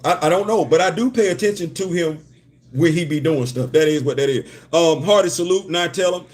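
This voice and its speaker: A man hosting a laid-back livestream from a hotel room, joking and circling back over his own phrases. His voice sits slightly high. He speaks in easy, conversational chat. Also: fairly quick, a little mellow. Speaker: host.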